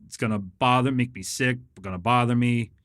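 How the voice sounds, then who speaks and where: A man's voice: medium pitch, fairly quick, fairly bright tone, no room sound. Laid-back man telling stories, dry sound. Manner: laid-back storytelling, acts out quoted people. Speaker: podcast guest. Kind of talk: casual chat.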